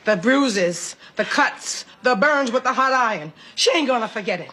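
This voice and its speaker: A woman's voice: a little high, expressive, normal speed, over a noisy crowd, lightly acted. A woman playing a stern accuser in a sitcom clip. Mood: accusing. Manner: accusing, grave.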